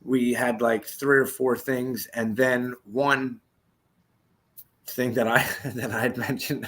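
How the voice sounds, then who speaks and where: A man in his forties co-hosts a casual podcast chat, and his voice sits at an ordinary middle pitch. He rambles through stories, swears freely and laughs at himself as he goes. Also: measured pace, fairly bright tone. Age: 40s. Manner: profane, laughing, rambling storytelling. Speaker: podcast co-host.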